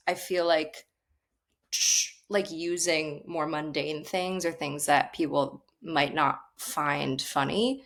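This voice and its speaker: A young woman comedian telling a family story on a podcast, animated, with frequent laughs and filler words. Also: deep voice, slow. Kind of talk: casual storytelling chat.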